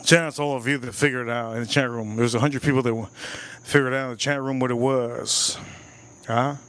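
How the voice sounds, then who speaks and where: A man's voice: mid-range voice, steady tone, brisk, fairly bright tone, smooth. A man hosting a live stream, reviewing whiskey and cooking, enthusiastic, repeating phrases and talking to his chat. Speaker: livestream host.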